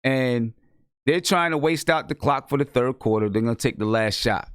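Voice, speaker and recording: A man hosts a casual sports talk show and tells coaching stories with animated energy, voicing the people he quotes. His pitch is middling for a man, and the sound is dry and close to the mic. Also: normal speed, clean tone, dry recording. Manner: animated storytelling, acts out quoted lines. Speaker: show host and girls' basketball coach. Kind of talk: casual chat.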